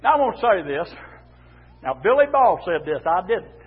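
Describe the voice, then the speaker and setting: In church, a man preaches a fiery revival sermon in a voice pitched very high for a man, slightly rough, with big pitch swings at a moderate pace. He chants in rhythmic bursts, drops an "uh" between phrases, and shouts his refrains. The audio is thin and tinny, like a phone line.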